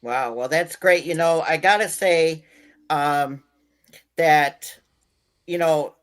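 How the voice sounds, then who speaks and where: A man's voice: on the high side, slow, a bit bright. A male host steering a casual chat, reacting with short "wow"s and handing off to his co-hosts.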